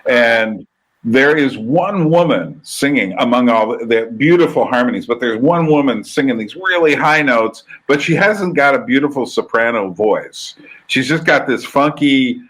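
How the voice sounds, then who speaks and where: A man's voice: medium pitch, animated, normal speed, a bit bright, rough recording. A man hosting a casual conversation, talking in a rambling, thoughtful way and often restarting his sentences. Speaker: podcast host. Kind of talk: casual conversation reacting to a video.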